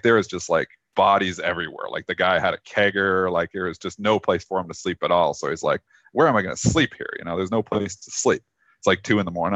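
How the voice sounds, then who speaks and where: Low-voiced man telling a rambling story. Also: no room sound, dull audio. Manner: rambling, full of fillers, quotes friends in lively voices. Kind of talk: casual storytelling on a live trading show.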